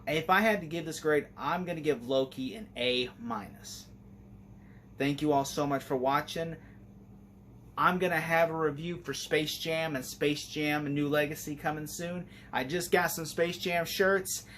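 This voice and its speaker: A man's voice: fairly high pitch, unhurried, a bit bright, a little hiss or hum. A man giving a casual spoken review of a TV series, rambling and enthusiastic, filling his talk with "like". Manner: rambling and enthusiastic, heavy use of "like".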